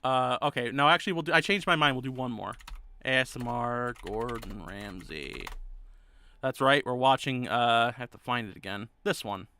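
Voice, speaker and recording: A man's voice: mid-range voice, fast, hardly any pauses, bright, forceful tone, slight background noise. A male streamer chatting casually and rambling loosely between clips. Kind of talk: casual chat.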